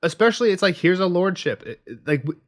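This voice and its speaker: Animated man retelling a book chapter. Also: high-pitched, fast talker. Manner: animated, acts out lines of characters mid-sentence. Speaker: podcast co-host. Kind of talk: casual book discussion.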